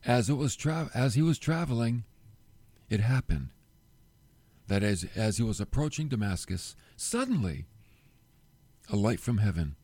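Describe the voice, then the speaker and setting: A middle-aged man preaching a sermon, telling the story with animated delivery and acting out the quoted lines. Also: medium pitch, unhurried, pauses often, no echo. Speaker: pastor.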